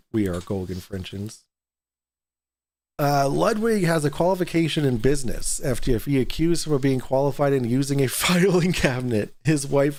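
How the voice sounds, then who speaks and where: A man's voice: medium pitch, a little mellow. A man co-hosting a debate podcast, blunt and mocking, swearing often as he reads chat and jeers. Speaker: podcast co-host. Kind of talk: profane casual debate chat.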